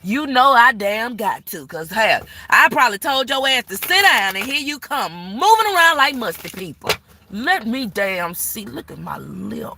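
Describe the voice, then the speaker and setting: A woman's voice: fairly high pitch, big pitch swings, normal speed, pushed and bright. A woman giving a live-stream tarot reading, sassy and blunt, cursing freely and scolding the viewer like an auntie. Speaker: tarot reader.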